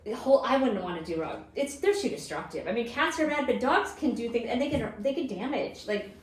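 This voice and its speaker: A woman co-hosting a casual podcast chat, talking in quick asides and acting out what others said. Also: a little high, animated. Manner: chatty, quick asides, acts out quotes. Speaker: podcast co-host. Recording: roomy, distant mic.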